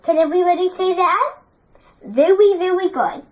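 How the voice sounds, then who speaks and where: A woman's voice: very high voice, moderate pace, poor audio. A woman teaching a class, drilling number sequences for pupils to repeat and praising them in a sing-song way.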